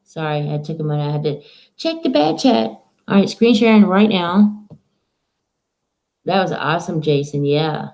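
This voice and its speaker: A woman's voice: on the low side, animated, moderate pace, darkish tone, rough recording. A woman streaming live from home, chatting in a rambling, casual way to her viewers and her dog.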